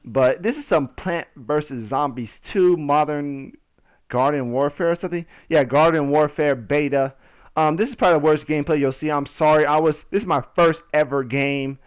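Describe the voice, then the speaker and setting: A man's voice: on the high side, normal speed, smooth. A young man casually commenting over his gameplay footage, apologetic and rambling, with frequent fillers and restarts. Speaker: gaming video host.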